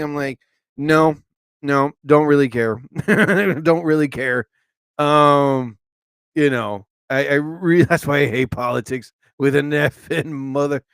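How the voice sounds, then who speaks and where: A man with a fairly high voice rambles through a live show he hosts himself. He chats loosely, laughs often and trails off mid-thought, and the sound is dry and close. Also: animated, slow pace, fairly bright tone, clear, resonant tone, no echo. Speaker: host of his own live show and podcast.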